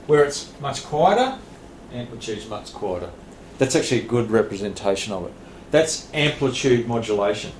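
A man's voice: medium pitch, big pitch swings, moderate pace. A man teaching a radio licence class, explaining plainly with frequent restarts and small laughs. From Australia. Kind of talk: classroom lecture. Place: training room. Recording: echoey room, faint background hiss.

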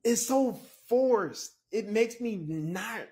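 Guy talking, super lively pitch, sounds fed up, kinda high voice. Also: slow. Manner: animated, pitch swinging up when exasperated. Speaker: commentator. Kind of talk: casual opinion clip.

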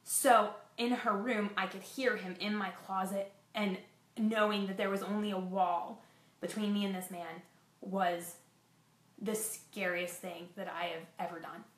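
A woman tells her own story straight to camera, frank and self-deprecating. Her voice sits at an ordinary middle pitch. The room around her rings with noticeable echo. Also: steady tone, a little slow. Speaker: fitness vlogger sharing a personal story. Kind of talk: candid personal storytelling.

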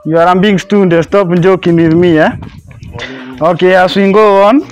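A man's voice: high-pitched, fairly even intonation, normal speed, faint music behind. A man playing a strict schoolteacher in a comedy skit, bossy and repeating his orders. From Kenya.

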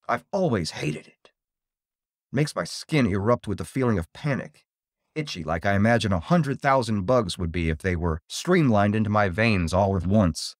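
A man's voice: fairly low pitch, dry recording, clean studio sound. A man narrating a horror story in the first person, with tense, dramatic delivery.

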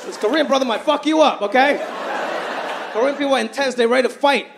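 High-voiced stand-up comedian, roaring crowd. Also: male voice, quick pace, gravelly, background noise. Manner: conversational, punchy, slips into exaggerated impressions. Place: large theater with live audience. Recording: live stage recording with loud crowd. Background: audience laughter and applause.

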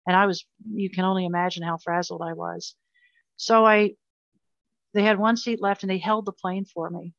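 A woman's voice: on the low side, a bit bright, dry recording, dull audio. An older woman telling a painful personal story in an interview, earnest and emotional, often repeating herself. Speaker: guest.

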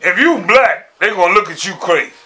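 Fast-talking man pushing his point. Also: sits high, animated, sharp tone. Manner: fast, repeats himself to get heard. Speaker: podcast co-host. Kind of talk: casual group debate.

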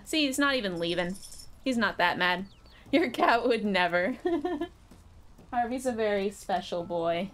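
A woman's voice: medium pitch, expressive, measured pace, pauses often, fairly bright tone. A woman streaming a game live, chatting casually with viewers and cooing at her cat.

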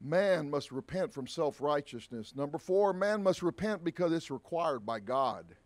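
Man, pastor, preaching, emphatic rises and quiet asides, fairly high voice, dry sound. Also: expressive, normal speed, no echo. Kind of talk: sermon. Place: church sanctuary.

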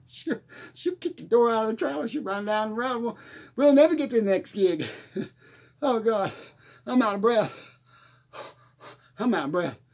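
A performer doing a rambling, husky country musician. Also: medium pitch, expressive, moderate pace, long pauses, darkish tone. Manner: rambling, losing track, laughing at own jokes. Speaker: comedy character. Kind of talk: improvised comedy monologue.

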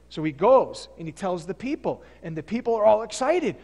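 Pastor guy preaching, high voice, chatty storytelling style, big church echo. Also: sing-song, moderate pace, darkish tone. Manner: conversational preaching, fillers and restarts. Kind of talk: sermon. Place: church sanctuary.

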